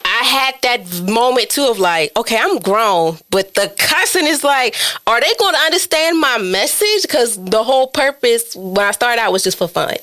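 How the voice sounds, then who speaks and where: A woman in her twenties hosting a podcast in casual chat, talking in an animated, chatty way and acting out her own inner voice. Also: a little high, moderate pace. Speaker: podcast host.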